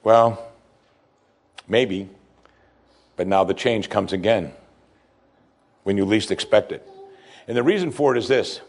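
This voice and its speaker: A male pastor delivering a sermon, preaching emphatically with pitch that climbs and falls. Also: unhurried, pauses often.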